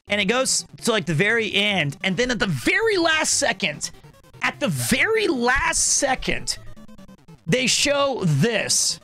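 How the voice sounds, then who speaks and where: A little slow this time, the streamer tells a story on a livestream in his high-pitched, bright, forceful voice, with soft music in the background. He speaks casually, swears freely, stays animated throughout and acts out the people he quotes.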